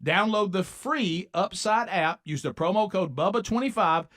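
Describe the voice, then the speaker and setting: A man reading a radio ad in a smooth, punchy delivery. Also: sits high, normal speed, a bit bright. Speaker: radio host. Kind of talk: ad read and casual radio banter. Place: radio studio.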